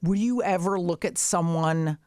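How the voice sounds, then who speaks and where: A woman's voice: lowish voice, measured pace, a little mellow, dry recording, clean studio sound. A woman in her sixties hosting a casual chat, blunt and brash, with profane jokes. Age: 60s. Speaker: podcast host.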